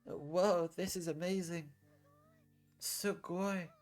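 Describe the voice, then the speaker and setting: Guy doing a soft squeaky teen girl voice, sweet and childlike, low music underneath. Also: fairly even intonation, takes it slowly. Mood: amazed. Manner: high soft falsetto, speaks of herself in third person. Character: sweet tearful teenage girl, childlike and gentle. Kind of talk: reading a visual novel aloud with voices.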